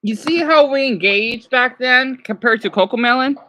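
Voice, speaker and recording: A woman streamer reacting to videos in casual, rambling chat, excitable and talking back to her viewers. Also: on the high side, normal speed, no echo.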